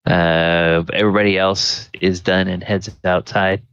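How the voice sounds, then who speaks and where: A man narrating as game master of a tabletop game, halting with many fillers. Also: low-pitched, level tone, a bit bright, clear, resonant tone, no room sound, muffled recording.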